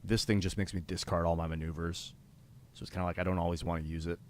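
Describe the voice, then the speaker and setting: A man commentating his own card game on a live stream, thinking aloud about his moves in a casual, profane way and getting excited when thanking viewers. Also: low voice, fast talker, slight background noise. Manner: reads out donor names with rising excitement.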